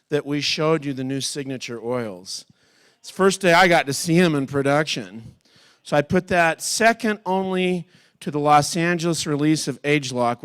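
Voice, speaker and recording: Man, keynote guest speaker, chatty with the crowd, smooth voice. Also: a little high, fairly bright tone. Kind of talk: conference keynote talk. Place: large conference hall on stage.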